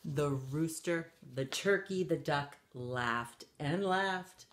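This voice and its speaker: A woman reading a picture book aloud to children, animated and stopping to ask her young listeners questions. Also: sits low, takes it slowly. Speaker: children's story reader.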